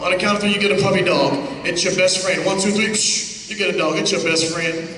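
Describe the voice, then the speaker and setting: A man's voice: high voice, brisk, pushed and bright. A man working as a stage hypnotist, giving brash, commanding, teasing patter to volunteers in a live comedy show. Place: large hall with audience. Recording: echoey hall recorded from far off. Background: crowd noise.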